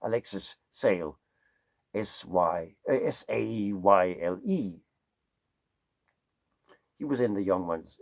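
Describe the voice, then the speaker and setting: A man's voice: sits low, dry recording. A man from Denmark with a Danish accent, a songwriter musing in a rambling, digressive way and playing with vowel sounds. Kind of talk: casual musing monologue.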